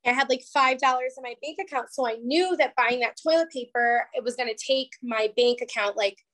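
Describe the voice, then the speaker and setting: A woman's voice: a little high, fairly quick, a bit bright. A woman, a life coach guest on an interview podcast, telling her story in a candid, emphatic and emotional way, close to tears at times.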